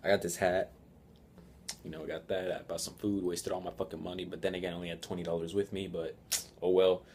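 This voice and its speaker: Teen vlogger guy, very low voice, rambly and swearing, telling a story. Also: little pitch movement, fast talker, a little mellow, a little hiss or hum. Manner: rambling, profane, laughing. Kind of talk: casual storytelling vlog.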